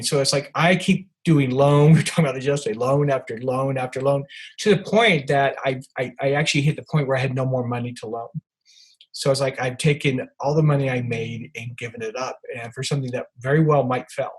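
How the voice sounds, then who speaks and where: A man's voice: mid-range voice, slightly rough, poor audio. An older man, an author, telling rambling anecdotes as a podcast guest, with many restarts and fillers. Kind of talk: storytelling in a podcast interview.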